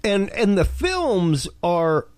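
Slow, mellow-voiced male podcast host. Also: sits high, sing-song, clear, resonant tone, dry recording. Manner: enthusiastic, with many ums and repeats. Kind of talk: casual podcast talk.

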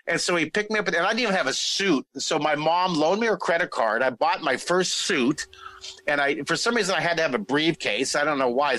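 A middle-aged man telling a story in a casual interview, animated, restarting sentences and acting out what people said. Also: a little high, no room sound, rough recording. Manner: animated, lots of restarts, acts out quoted voices. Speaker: guest telling his career story.

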